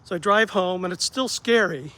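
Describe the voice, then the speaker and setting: A man who works as a therapist, telling a story about his bad day in a casual vlog, acting out the dialogue with lively ups and downs. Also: sits high, moderate pace. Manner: animated, acts out quoted dialogue, self-deprecating.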